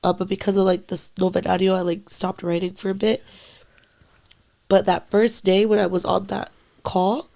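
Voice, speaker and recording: Young woman with vocal fry, halting. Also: medium pitch, flat delivery. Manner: halting, full of "like" and frequent swearing; quietly emotional, sometimes trailing into near-whispers. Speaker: podcast co-host. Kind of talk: casual podcast chat.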